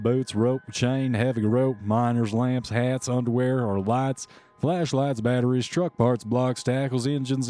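A man running a tabletop game as game master, narrating scenes and reading off long lists at an unhurried pace. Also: mid-range voice, warm tone.

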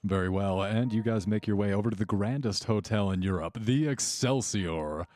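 A man running a tabletop game as game master, narrating scenes in a measured, descriptive way with slow dramatic pauses. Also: lowish voice, darkish tone.

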